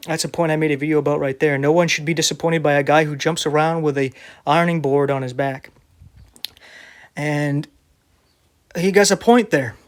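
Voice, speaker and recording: A man's voice: a little high, steady tone, normal speed, pauses often. A man who preaches online, reading viewer comments aloud and answering them in a sarcastic, defensive way.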